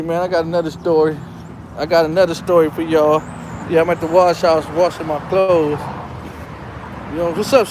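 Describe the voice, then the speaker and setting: High-voiced man telling rambling stories. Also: noisy background. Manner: rambling, repetitive, profane. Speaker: show host. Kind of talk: casual personal storytelling.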